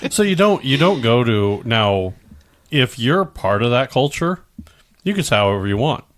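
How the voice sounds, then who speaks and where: A man's voice: medium pitch, big pitch swings, normal speed. A man from the Midwest co-hosting a podcast, chatting casually and rambling with many restarts. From American Midwest. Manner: rambling, restarts often, slips into goofy put-on voices. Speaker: podcast co-host. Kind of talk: casual chat.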